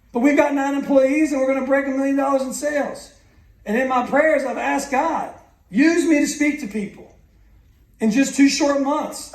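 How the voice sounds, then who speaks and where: Guy in his 30s telling his life story at a school convocation, pretty high voice, echoey hall, sounds far from the mic. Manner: earnest personal storytelling with restarts. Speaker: guest speaker. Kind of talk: motivational convocation speech.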